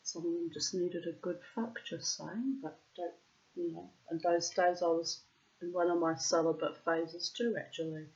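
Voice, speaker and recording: A woman's voice: fairly low pitch, fairly even intonation, moderate pace, darkish tone. A middle-aged woman rambling profanely through a casual monologue with theatrical asides. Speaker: reader and host. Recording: dull lo-fi recording.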